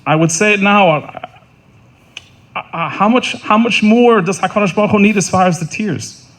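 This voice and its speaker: Earnest, halting man giving a eulogy. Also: high voice, a bit bright. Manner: earnest, halting, repeats words and restarts. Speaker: eulogist at a funeral. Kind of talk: funeral eulogy. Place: funeral service.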